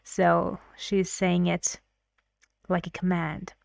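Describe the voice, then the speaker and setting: Slow, careful woman teaching intonation. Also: lowish voice, completely flat delivery, creaky, no room sound, clean studio sound. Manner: slow, repeats phrases to model intonation. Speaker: English teacher. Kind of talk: intonation lesson, explaining clips.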